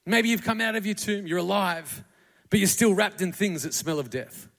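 A man's voice: sits high, animated, normal speed, vocal fry, a bit bright. A man preaching a conversational sermon in a church, acting out the quotes as he tells the stories. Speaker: pastor. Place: church auditorium. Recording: long hall reverb.

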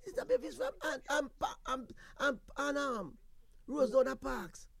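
A man's voice: very high voice, huge pitch swings, unhurried, vocal fry, a bit bright, no echo. A man with a Jamaican accent hosting a call-in radio show, bantering in patois, laughing often and repeating himself. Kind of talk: casual call-in radio chat.

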